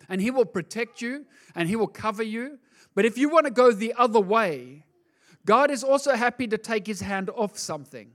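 A male pastor preaching a sermon in an animated, conversational way, acting out the voices he quotes. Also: sits high.

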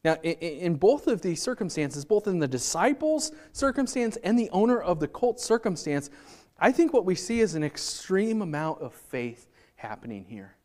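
A man preaching a sermon as pastor, acting out scenes in quick voices. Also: sits high, darkish tone. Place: church.

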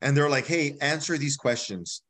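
A man's voice: fairly high pitch, lively intonation, normal speed, a bit bright. A man, an army veteran, is a podcast guest telling a personal story candidly and bluntly, acting out the dialogue in a casual way. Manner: blunt and casual, acts out dialogue, says "bro".

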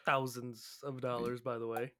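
A man's voice: mid-range voice, little pitch movement, moderate pace, bright, forceful tone. A man co-hosting a gaming podcast, chiming in with short agreeing remarks and wry asides. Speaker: podcast co-host. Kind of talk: casual gaming podcast chat.

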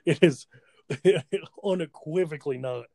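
A man's voice: fairly high pitch, measured pace, creaky, dark tone, no room sound. A man in his twenties co-hosting a podcast, bantering casually and laughing mid-sentence as he riffs. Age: 20s. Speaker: podcast co-host.

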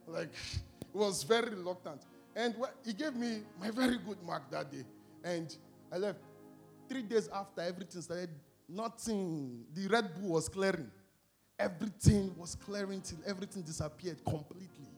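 A man preaching to a congregation, asking them questions and telling an animated personal story. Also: sits high, normal speed, soft background music.

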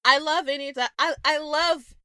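A woman's voice: sits high, steady tone, moderate pace, over a noisy crowd, very noisy. Giggly Southern woman podcast host. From American South. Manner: giggly, chatty, laughs often. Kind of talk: casual chat.

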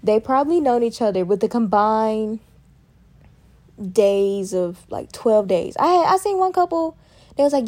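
A woman hosting a casual solo podcast, talking in a chatty, lively way and addressing listeners as y'all. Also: mid-range voice, moderate pace. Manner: chatty, lively, uses y'all and Southern phrasing. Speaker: podcast host.

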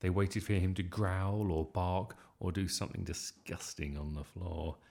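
A man reading a children's story aloud in a lively, expressive way. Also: low-pitched, a little slow, gravelly. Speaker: storybook reader.

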